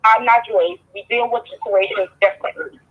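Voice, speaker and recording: Husky-voiced woman on a dull phone line. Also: on the high side, fairly even intonation, normal speed. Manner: hesitant, restarts and ums. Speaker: guest. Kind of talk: telling her side in a casual live stream.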